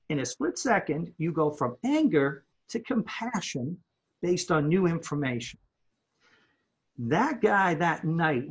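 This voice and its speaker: A man with a slightly husky voice tells a story in conversation, his pitch leaping up and down as he acts out what others said. He repeats himself when he gets worked up. The recording sounds dull and lo-fi. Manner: animated, acts out quoted dialogue, repeats words when excited. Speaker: guest.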